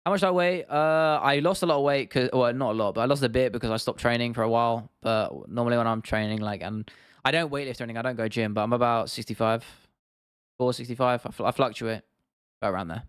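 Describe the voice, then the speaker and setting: A man's voice: medium pitch, fast talker, clear, resonant tone, no echo, clean studio sound. A man, hosting a casual livestream and chatting loosely as he answers questions from viewers. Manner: relaxed, chatty, answers chat questions with laughs. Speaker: livestream host.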